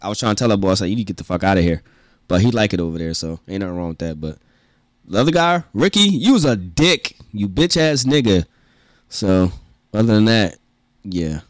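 A man co-hosting a podcast, telling a story in a profane, animated rant and laughing often. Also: on the low side, fairly quick, no echo, studio quality. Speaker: podcast co-host. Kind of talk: casual ranting chat.

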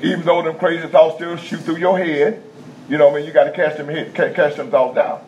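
A male preacher delivers a folksy sermon, circling back on his phrases before rising to emphatic bursts. His voice sits a little high for a man. The recording is dull and lo-fi, with faint room ambience behind him. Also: flat delivery, a little fast, a little mellow, a little hiss or hum. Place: prison chapel.

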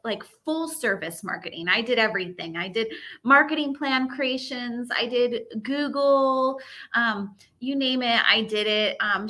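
A bubbly woman talks as a guest on a livestream. Her voice is bright and sits a little high. She chats easily, with fillers and laughter. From United States. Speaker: guest, social media agency owner. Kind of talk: casual interview chat.

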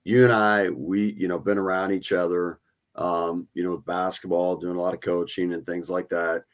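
A man's voice: deep voice, flat delivery, moderate pace. A man hosting a podcast, telling earnest stories about his kids and youth sports in a casual way. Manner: earnest, storytelling. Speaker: podcast host. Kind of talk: casual conversation.

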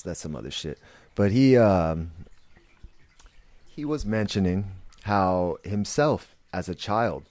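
Male podcast host, deep dark voice, unhurried, swears freely, rambles and restarts. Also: no echo. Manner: blunt, profane, rambling with restarts. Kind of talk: casual monologue.

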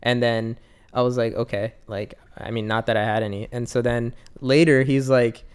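A man's voice: medium pitch, fairly even intonation, moderate pace, clean tone. A young man casually telling a funny story, laughing often and acting out the people he quotes.

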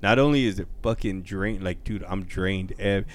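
Young guy, lowish voice, jokey and crude. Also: normal speed. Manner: joking, crude banter. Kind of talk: casual chat.

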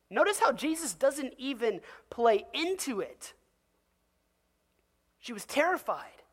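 A pastor delivering an animated, conversational sermon, asking the listeners direct questions and acting out the voices he quotes. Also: high-pitched, slow, long pauses. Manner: asks the audience direct questions.

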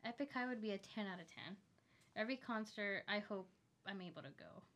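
A woman's voice: mid-range voice, quick pace, a loud crowd. A young woman co-hosting a podcast, gushing eagerly about concerts. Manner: eager, gushing fan talk. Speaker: podcast co-host. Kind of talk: casual chat.

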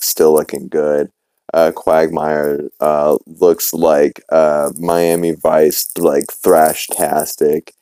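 Rambling and sarcastic, this podcast host walks through a cartoon episode with plenty of filler words. He speaks in a low, dark, smooth voice, recorded with no room sound at all.

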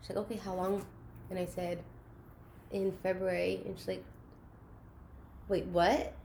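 A woman in candid personal chat, talking in an earnest, open way and often softly. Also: fairly low pitch, flat delivery, measured pace, creaky, a little hiss or hum. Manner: earnest, open, soft-spoken at times.

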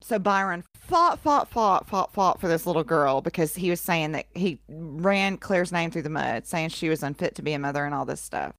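A woman's voice: low voice, moderate pace, few pauses, a bit bright, dry recording, clean studio sound. A woman co-hosting a casual podcast who retells history in an irreverent, profane way, full of sarcastic asides. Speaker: podcast co-host.

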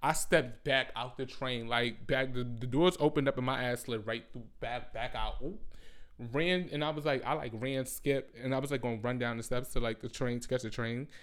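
Rambling, profane young podcast host. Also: male voice, medium pitch, moderate pace. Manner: rambling, profane, slangy, self-interrupting. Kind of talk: casual storytelling monologue.

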